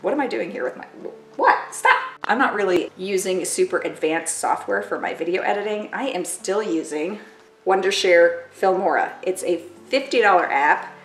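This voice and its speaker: A woman's voice: mid-range voice, animated, moderate pace, roomy sound, soft background music. A woman vlogging at home in casual chat to camera, chatty and self-mocking, full of "like" and "totally".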